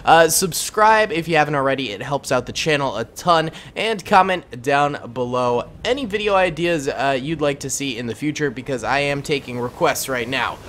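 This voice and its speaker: A man's voice: medium pitch, lively intonation, normal speed, few pauses, fairly bright tone, a little hiss or hum. A young man hosting a gaming channel, giving upbeat, chatty gameplay commentary and chuckling often.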